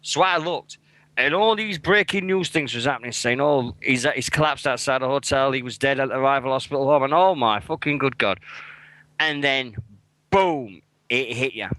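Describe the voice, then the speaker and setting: Bluntly and with plenty of swearing, a British man in his forties from England co-hosts a casual radio chat, his emotions close to the surface. His medium-pitched voice moves at a normal speed, bright and forceful, captured in poor audio with no room sound.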